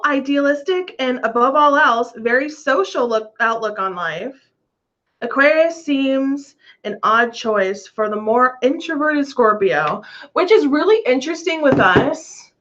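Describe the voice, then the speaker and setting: A woman's voice: high-pitched, a bit bright. A woman chatting casually about astrology as a vlog host, laughing often and swearing offhandedly. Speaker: astrology vlogger. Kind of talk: casual chat. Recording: lo-fi dull sound.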